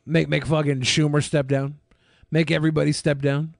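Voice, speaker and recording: A man's voice: a little high, flat delivery, moderate pace, creaky, no room sound, studio quality, pitched below the performer's own voice. A man doing a loose, half-hearted impression of a boastful, blustering male politician.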